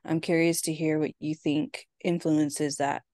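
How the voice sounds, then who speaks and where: A woman's voice: sits low, little pitch movement, a little slow, a little mellow, no room sound, clean studio sound. A woman co-hosting a podcast, asking questions in a rambling, hesitant way with many fillers. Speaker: podcast co-host. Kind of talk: casual chat.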